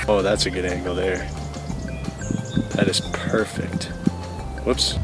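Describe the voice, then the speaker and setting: A man's voice: lowish voice, measured pace, pauses often, music in the background. A man hosting a gardening channel, stumbling over his lines, restarting and laughing at himself. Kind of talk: blooper reel of casual garden vlogging.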